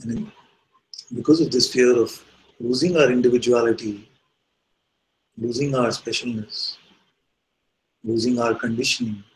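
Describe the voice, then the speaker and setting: Slow, gentle-voiced spiritual teacher man. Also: mid-range voice, slightly rough, dry recording, poor audio. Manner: slow, reflective, gently questioning. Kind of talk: satsang talk.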